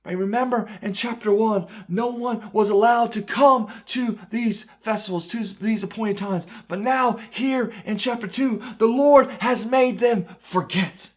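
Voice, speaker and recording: A high-voiced male pastor preaching through a scripture passage with raw emotion. He swings from near-shouted outbursts to hushed, grieving readings, and keeps asking "right?" to pull his listeners along. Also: unhurried, hardly any pauses. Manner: impassioned, frequently asks "right?"; swings from loud outbursts to quiet, sorrowful reading.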